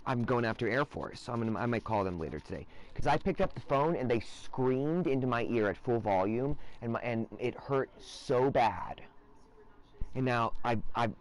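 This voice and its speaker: A man talking in a rambling, erratic casual monologue as a streamer, breaking into loud profane outbursts. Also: mid-range voice, lively intonation, normal speed.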